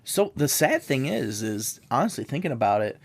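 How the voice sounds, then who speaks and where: A man's voice: medium pitch, very animated, moderate pace, gravelly, no room sound. A man from the American Midwest co-hosting a comedic history podcast, loose and casual, swearing and laughing often. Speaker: podcast co-host.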